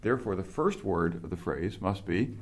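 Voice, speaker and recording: A man's voice: sits low, animated, moderate pace. A man teaching Greek grammar to a small group, asking questions and explaining step by step. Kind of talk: classroom instruction.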